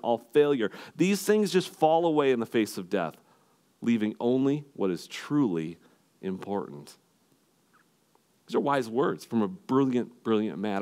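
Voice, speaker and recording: A man preaching a sermon as pastor, earnest and emphatic. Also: lowish voice.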